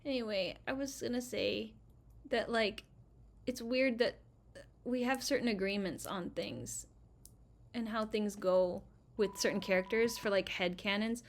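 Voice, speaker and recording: A woman hosting a gaming channel, giving rambling, chatty let's play commentary full of fillers, swinging between loud outbursts and quiet muttering. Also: mid-range voice, a little slow.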